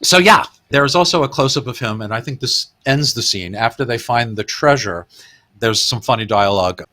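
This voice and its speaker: A man's voice: mid-range voice, moderate pace, bright, forceful tone. A man hosting a podcast, retelling film gags in a casual, chuckling way. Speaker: podcast host.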